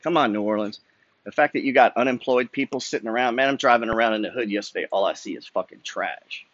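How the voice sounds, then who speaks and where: A man's voice: medium pitch, fairly even intonation, fast talker, a bit bright, dry recording, highs cut off. A man ranting bluntly and profanely while walking city streets, preaching a motivational walk-and-talk monologue. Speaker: vlogger. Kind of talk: walking-and-talking motivational rant.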